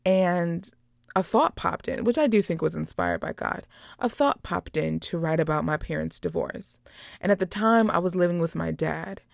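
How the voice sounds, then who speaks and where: A young woman casually recapping episodes as a podcast host, chatty and animated, acting out the quoted lines. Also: lowish voice, normal speed, creaky, no echo, studio quality.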